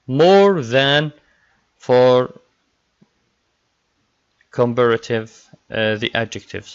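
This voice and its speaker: Slow-talking male English teacher. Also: mid-range voice. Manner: slow, repetitive drilling of word pairs. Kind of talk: classroom grammar lesson. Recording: dull lo-fi recording.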